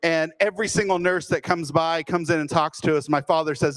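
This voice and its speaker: A man from Texas, telling a humorous personal story with self-deprecating, deadpan timing. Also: fairly high pitch, fairly quick, hardly any pauses. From Fort Worth, Texas.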